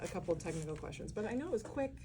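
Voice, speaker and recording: A woman moderating a live cinema Q&A, enthusiastic and quick to laugh, with loose phrasing. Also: medium pitch, very animated, dark tone. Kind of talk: live Q&A hosting. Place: cinema auditorium. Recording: noisy live cinema sound.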